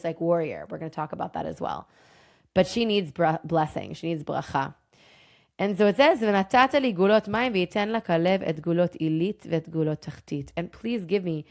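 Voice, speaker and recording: A woman hosting a casual lesson, retelling a Bible story in an animated, enthusiastic, chatty way. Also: fairly low pitch. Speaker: host and Bible teacher.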